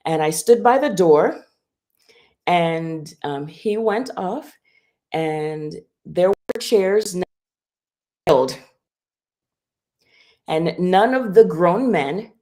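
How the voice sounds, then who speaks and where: A woman's voice: lowish voice, a little mellow. A middle-aged woman, a homeschooling mother, telling a personal story in casual live-stream chat with many fillers. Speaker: guest.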